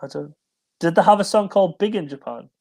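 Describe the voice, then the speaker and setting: Casual streamer, male, tired, giggly, high voice. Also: animated, fast, gravelly, a little mellow. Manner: chatty, giggly, rambling. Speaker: co-host of a music live stream. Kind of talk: casual chat.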